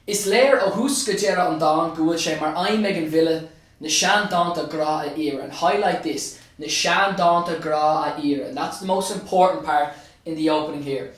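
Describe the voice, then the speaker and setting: A man's voice: a little high, brisk, heavy reverb, far from the mic. An Irish man, a teacher, walks students through an exam answer step by step, switching between Irish and English and repeating key phrases. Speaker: teacher and state examiner. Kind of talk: exam revision tutorial.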